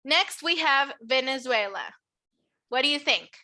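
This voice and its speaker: A woman with a high, bright voice leads a classroom pronunciation drill. She is a native Spanish speaker teaching English, and she speaks slowly and patiently, enunciating each word and encouraging her students. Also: lively intonation.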